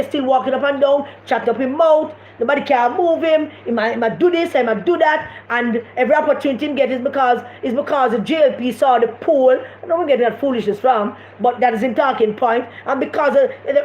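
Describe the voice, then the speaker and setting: A woman's voice: high-pitched, darkish tone. Impassioned Jamaican woman on a live stream. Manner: impassioned, repetitive, emphatic. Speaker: political commentator hosting a live stream. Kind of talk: casual live-stream commentary. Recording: echoey room, dull lo-fi sound, faint noise.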